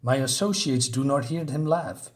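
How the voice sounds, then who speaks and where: A man's voice: medium pitch, moderate pace, lightly acted. A man voicing a paranoid, hot-tempered 1930s male mob boss who blusters and throws insults. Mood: suspicious.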